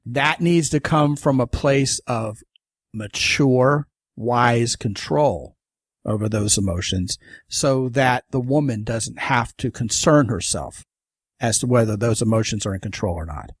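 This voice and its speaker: A man's voice: medium pitch, a little slow, dry recording, studio quality. A man hosting a podcast, talking in an emphatic, folksy way in casual conversation. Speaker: podcast host.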